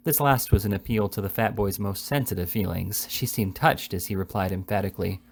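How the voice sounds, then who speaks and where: A man's voice: low voice, brisk, creaky, few pauses. A man casually reading a classic novel aloud, with frequent small slips and restarts. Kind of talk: casual read-aloud narration.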